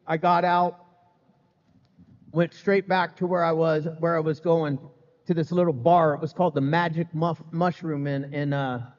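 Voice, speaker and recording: A middle-aged man with a fairly high voice and level tone recounts his recovery to a live audience in an event hall at a moderate pace. He's candid and humorous, speaking casually with lots of "man" and "you know," and the echoey hall leaves the sound slightly muffled.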